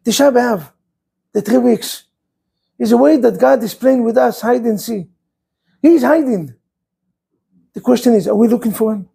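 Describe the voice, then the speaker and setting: A man's voice: very high voice, normal speed, gravelly, pauses often, dark tone, breathy edge, low-quality recording. A man, a rabbi, preaching an impassioned sermon full of rhetorical questions.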